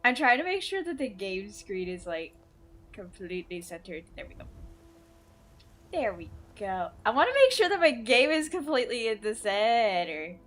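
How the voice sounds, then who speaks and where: A woman's voice: fairly high pitch, big pitch swings, moderate pace, fairly bright tone, a little hiss or hum. Chatty, blunt woman streaming a game. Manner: chatty and blunt, swears freely. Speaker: VTuber streamer. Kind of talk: casual game-stream chat.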